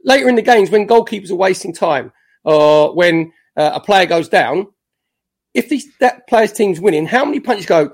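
A man's voice: sits high, moderate pace. A man, a former footballer chatting as a podcast guest and acting out quotes as he tells stories. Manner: animated storyteller, acts out quotes. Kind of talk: casual podcast chat.

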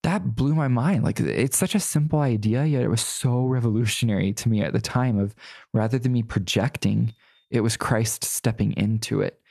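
A man's voice: medium pitch, normal speed, gravelly, darkish tone, dry recording, studio quality. A young man earnestly sharing a personal testimony in an interview, full of "like" and restarts. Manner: earnest, filler-heavy, lots of "like". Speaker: guest.

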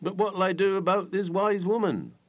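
Storybook fool, young and simple, weepy and pleading, pitched well up, read by a male narrator. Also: normal speed, lightly acted. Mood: eager. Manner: sobbing, pleading, rustic dialect speech. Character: grieving simple-minded young man, weepy, bewildered.

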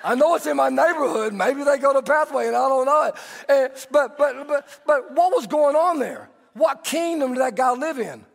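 High-voiced preacher in a big hall. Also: male voice, moderate pace, vocal fry. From Texas. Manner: animated storytelling, conversational preaching. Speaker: pastor. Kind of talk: sermon. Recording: long hall reverb.

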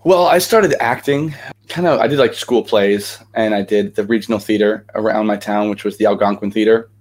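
Animated, chatty young man. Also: lowish voice, moderate pace. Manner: energetic, animated storytelling with many fillers. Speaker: guest actor. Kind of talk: casual interview chat.

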